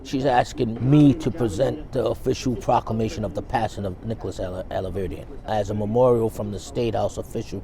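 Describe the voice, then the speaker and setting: Gravelly, mellow-voiced man recounting events. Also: fairly low pitch, steady tone. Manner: halting, reflective. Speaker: interviewee in a documentary.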